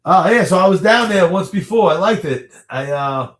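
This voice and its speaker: A man's voice: high-pitched, expressive, normal speed, reverberant. A man in his thirties hosting a casual livestream, answering viewer questions in a rambling, chatty way with frequent laughs. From New York area. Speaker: livestream host.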